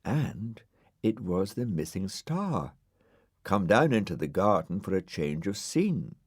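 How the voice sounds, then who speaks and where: A man reads a children's story in a gently droll, expressive manner. His low voice rises and falls widely at an unhurried pace. The close studio sound is dry. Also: husky, no room sound. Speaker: audiobook narrator. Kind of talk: scripted storybook narration.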